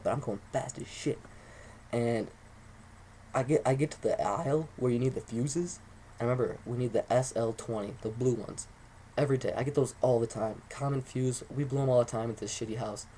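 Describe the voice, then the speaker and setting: A young man rattles off a rambling, excitable story, his speech quick and dotted with swearing. His voice sits mellow and warm rather than bright. A faint hiss of background noise runs under the recording. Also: medium pitch. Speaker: vlogger. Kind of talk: casual storytelling to camera.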